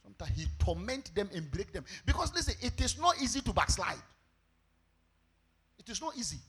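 Male pastor, very high and sharp voice, fervent sermon delivery with shouted and sung lines. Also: big pitch swings, brisk, long pauses, breathy edge. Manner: fervent preaching, bursts into shouts and sung phrases.

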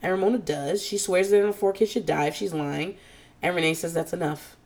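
A woman's voice: fairly low pitch, a little fast, creaky. A woman hosting a podcast, recapping a reality show in casual chat, swearing freely and switching to squealing mock quotes of the people she describes. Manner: animated, profane, jumps into squealing mock quotes; calls herself nervous and on edge.

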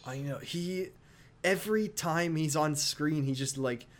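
A man co-hosting a casual chat about a video game, excitable and laughing often as he retells scenes. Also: fairly high pitch, a little slow. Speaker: podcast co-host.

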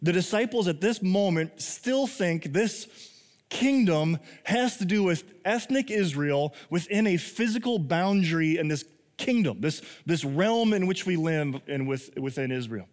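A man's voice: sits high, animated, a little slow, a little mellow. A young man preaching a sermon as pastor, telling the story with jokes and laughter and acting out the scenes in small voices. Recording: long hall reverb.

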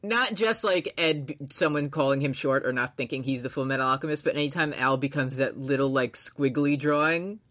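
A man's voice: medium pitch, a little fast, few pauses, pushed and bright. Rambling, swearing casual male podcaster. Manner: rambling, swears freely, laughs often, acts out characters' lines. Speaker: podcast co-host. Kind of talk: casual anime recap chat.

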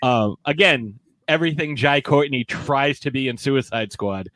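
A man's voice: medium pitch, normal speed, a bit bright, dry recording. A man in casual, profane podcast chat, given to sarcastic impressions.

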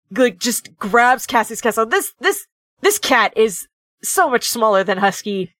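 A woman player at a tabletop game, laughing often as she describes her character's actions. Her voice sits a little high and unhurried, recorded close and dry. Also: dry recording. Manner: giggly, animated.

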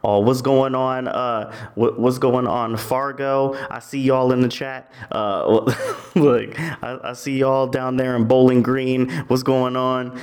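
A man's voice: medium pitch, voice pushed up. A man voicing a young male DJ hyping his followers on a livestream. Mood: hyped. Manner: fast, excited hype talk.

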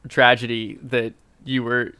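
A man co-hosting a podcast, chatting in a wry, joking way and thinking aloud as he goes. His voice is bright and smooth, and the sound is dry and close. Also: mid-range voice, flat delivery, a little slow, no room sound. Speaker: podcast co-host. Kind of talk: casual chat.

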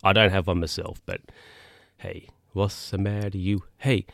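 A man's voice: low voice, little pitch movement, measured pace, gravelly, a bit bright, dry recording, studio quality. A man hosting his own podcast, chatting casually on his own and wandering off into asides with plenty of restarts. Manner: rambling, with frequent restarts and asides. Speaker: podcast host. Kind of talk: casual solo podcast chat.

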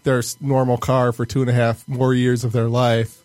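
A man's voice: mid-range voice, monotone, normal speed, a little mellow, dry recording, faint music behind. A man in casual podcast banter, earnestly explaining his idea at length with many restarts. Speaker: podcast co-host pitching an idea.

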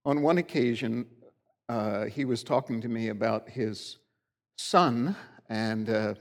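In a church sanctuary, a middle-aged pastor preaches a sermon in a medium-pitched voice at a slow pace. His style is conversational and folksy, built around storytelling.

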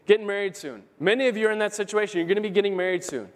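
A male pastor delivers a sermon, pressing his points home by repeating them and reading scripture passages aloud. His voice sits high for a man. The recording carries the long reverb of a church sanctuary. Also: racing. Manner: preaches with emphatic repetition, quotes scripture aloud.

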